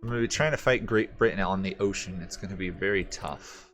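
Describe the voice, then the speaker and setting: A man streaming a strategy game, thinking aloud in a relaxed, rambling way and answering chat questions. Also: low-pitched, fast talker, soft background music. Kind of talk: casual gameplay commentary.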